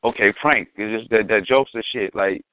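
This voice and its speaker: A man's voice: lowish voice, moderate pace, no room sound. A man talking in a casual, slangy, emphatic way and telling stories as a co-host. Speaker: podcast co-host. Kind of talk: casual chat. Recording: dry, phone-like lo-fi sound.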